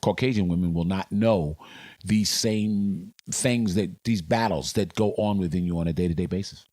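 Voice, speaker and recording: A man's voice: low-pitched, normal speed, darkish tone, no room sound. An older man, a veteran sportscaster, telling stories emphatically as a guest in a podcast interview. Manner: emphatic, dramatic storyteller.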